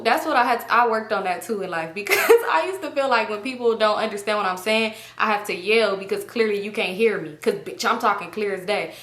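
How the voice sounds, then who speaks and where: Woman telling a messy storytime, echoey room. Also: mid-range voice. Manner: animated, mimics other people's voices while retelling. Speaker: storytime vlogger. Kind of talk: casual storytime.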